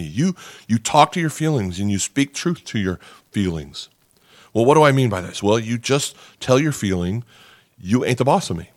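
A man's voice: fairly low pitch, no echo, studio quality. A man preaching a sermon in an earnest, conversational way, often repeating words and checking in with "okay?". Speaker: pastor. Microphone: podcast microphone.

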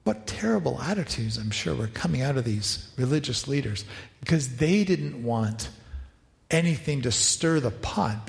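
A man preaching a sermon, animated, acting out quoted voices and making asides to helpers. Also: fairly high pitch, gravelly. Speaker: pastor. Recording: echoey hall, reverberant.

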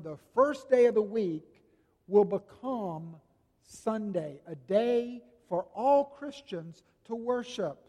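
A man preaching a sermon as pastor, dramatic and swinging from booming to hushed. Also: big-room sound.

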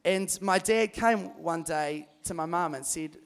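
A young man preaches at a youth camp in a bright, fairly high voice. He tells Bible stories with energy, acting out each person in them as he goes. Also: measured pace, creaky. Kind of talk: animated sermon storytelling.

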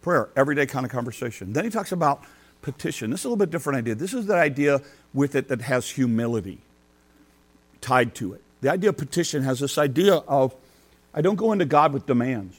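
A man's voice: mid-range voice, animated, fast. An older man, a grandfather, preaching a folksy sermon, telling homely stories and acting out quotes. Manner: folksy storytelling, acts out quotes with big swings in loudness. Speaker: pastor.

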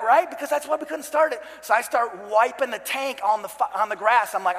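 A man in his thirties, a pastor telling a comic story in a sermon, animated and self-mocking, shouting at the big moments. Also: very high voice, fairly quick, few pauses. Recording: long hall reverb.

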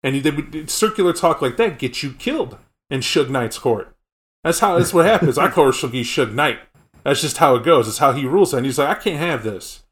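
A man's voice: mid-range voice, expressive, fairly quick. Man rambling through game lore. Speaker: podcast co-host. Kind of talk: casual tabletop game lore chat.

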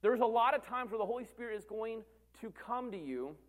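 In an extremely high, animated voice, a pastor in his thirties moves briskly through an earnest sermon. He repeats lines to stress them and alternates between forceful and hushed moments.

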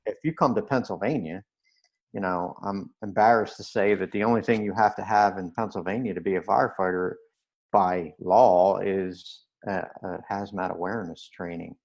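A man speaks in a fairly low voice, explaining with earnest detail and a touch of dry humor. The recording sounds a bit dull and lo-fi. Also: steady tone, normal speed, a little mellow. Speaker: guest, fitness author. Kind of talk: podcast interview.

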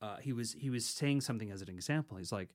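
Rambling laid-back man, lowish voice. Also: quick pace. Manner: rambling, self-correcting, laughs easily. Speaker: meditation teacher and podcast co-host. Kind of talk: casual podcast chat.

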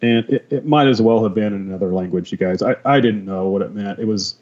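Halting man sharing a personal testimony. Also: fairly low pitch, a little mellow, lo-fi sound. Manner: emotional, halting, many restarts. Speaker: podcast guest.

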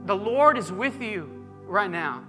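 A man preaching a sermon as pastor, emphatic and animated, calling out to his congregation. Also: high-pitched, unhurried. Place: church sanctuary. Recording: long hall reverb with faint music.

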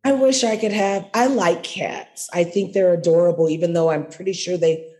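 A podcast co-host talking in casual political chat, with an unhurried, chatty way of speaking. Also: mid-range voice, steady tone, dark tone. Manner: unhurried, chatty, hesitant restarts.

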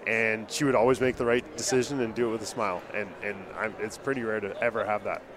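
A man's voice: on the low side, steady tone, fast talker. Earnest man with crowd chatter behind. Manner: earnest, repeats words when moved. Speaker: dentist and podcast host. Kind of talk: emotional casual conversation. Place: conference booth. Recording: busy conference hall crowd.

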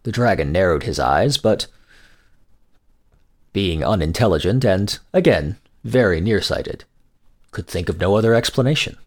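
A man narrating a scripted folk tale in a measured storytelling manner. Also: low voice, animated, a little mellow.

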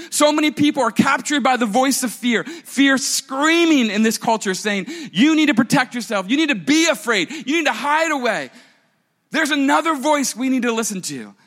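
A male pastor delivers an animated sermon, talking to his congregation like friends and dropping playful asides. His voice sits high and bright. It sounds like he is preaching in a church. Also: in a large hall.

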